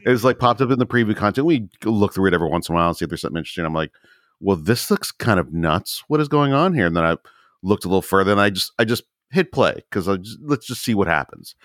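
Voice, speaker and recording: A man in casual podcast chat, telling stories with animated asides and quoted reactions. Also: rapid-fire, dry recording, clean studio sound. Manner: animated storyteller, jumps high when quoting himself. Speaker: podcast co-host.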